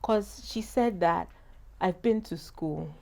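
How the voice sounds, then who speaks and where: A woman in her thirties with a Ghanaian accent, a guest on an interview show, telling her story in lively, animated talk. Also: on the low side, slow. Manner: animated storyteller, acts out quoted voices. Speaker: guest, cake business founder.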